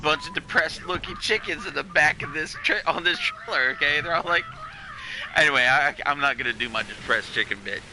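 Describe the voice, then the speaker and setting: A man's voice: fairly high pitch, brisk, noisy background. A man from Delaware telling a long, rambling story while gaming with friends, repeating himself and laughing as he goes. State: has been drinking. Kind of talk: casual chat while gaming.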